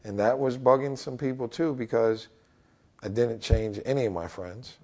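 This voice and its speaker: A man's voice: medium pitch, normal speed, darkish tone. A middle-aged man and basketball coach telling his own story as a podcast guest, acting out what other people said. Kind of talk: candid storytelling in a podcast interview.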